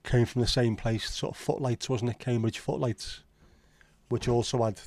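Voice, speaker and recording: A man's voice: medium pitch, little pitch movement, moderate pace, a little mellow, no room sound. A man with a Liverpool accent hosting a casual livestream chat, rambling and opinionated with frequent swearing. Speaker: livestream host.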